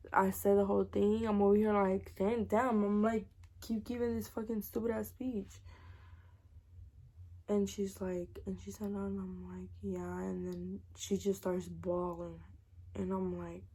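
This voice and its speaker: A young woman telling a personal story in a casual, profane vlog, acting out what everyone said. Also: mid-range voice. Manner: animated, profane, acts out dialogue.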